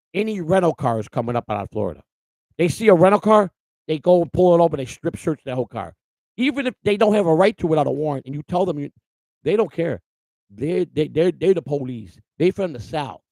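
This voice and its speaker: Gravelly rambling livestream host. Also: male voice, fairly high pitch, darkish tone, no echo, rough recording. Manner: rambling, blunt, many restarts. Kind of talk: casual livestream monologue.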